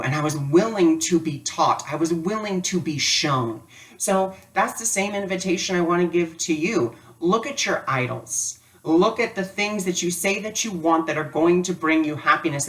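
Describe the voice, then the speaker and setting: A man's voice: fairly high pitch, a bit bright. A man giving a casual spiritual lesson, telling a personal story in a chatty way with many fillers. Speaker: spiritual teacher. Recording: voice a bit distant from the mic.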